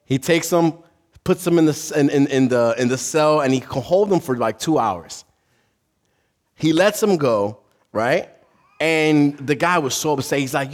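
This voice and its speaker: A man's voice: fairly high pitch, unhurried, long pauses. A man preaching a sermon, telling a story and acting out the people in it, laughing along. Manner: animated, acts out voices in a story, laughs at own jokes. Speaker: pastor.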